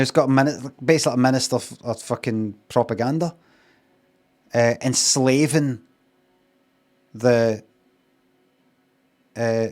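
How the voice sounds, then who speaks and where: A Scottish man rambles through a recap on his stream, swearing freely and dryly amused at the silly bits. His voice sits at an ordinary middle pitch and he talks off the cuff, restarting sentences as he goes. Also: darkish tone. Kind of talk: casual rambling review on a live stream.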